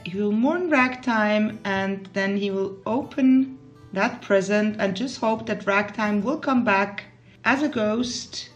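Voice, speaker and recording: Woman, unhurried, fairly high voice, casual game commentary, faint music behind. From Switzerland. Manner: chatty, talks to her game characters, emotional outbursts. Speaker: gaming YouTuber. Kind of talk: casual let's play commentary.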